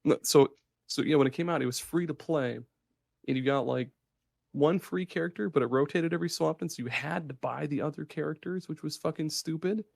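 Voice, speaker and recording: A man co-hosting a podcast in casual chat, excited and swearing freely as he rambles. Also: a little high, a little fast, vocal fry, no room sound, clean studio sound. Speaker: podcast co-host.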